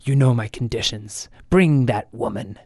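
A man's voice: medium pitch, a little slow, a little mellow, no room sound, clean studio sound, lightly acted. A man voicing a stern old witch. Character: scheming old female witch.

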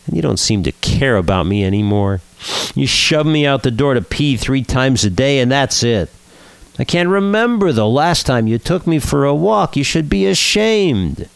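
A man's voice: mid-range voice, sing-song, normal speed, creaky, smooth, no room sound, voice pushed up. A man voicing a young male dog who whines and complains to his owner in a joke. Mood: whiny. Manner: whiny kvetching.

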